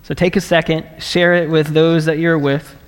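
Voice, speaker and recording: A man's voice: on the high side, level tone, moderate pace, clear, resonant tone. A man preaching a livestreamed sermon as pastor, in a conversational, earnest way, with light laughs and frequent "right?" checks to his viewers. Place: large church sanctuary. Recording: long reverb of a large hall.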